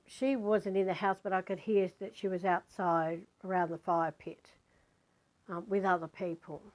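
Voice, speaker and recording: A woman's voice: mid-range voice, darkish tone, rough recording. Candid woman telling a personal story. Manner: candid, rambling, with frequent swearing. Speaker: spiritual vlogger.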